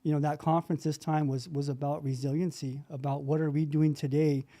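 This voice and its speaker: A middle-aged man speaks in a heartfelt, rambling way, full of fillers and restarts. His voice is mellow and sits a little high for a man. He is on a video call. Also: little pitch movement, brisk. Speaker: meeting participant sharing.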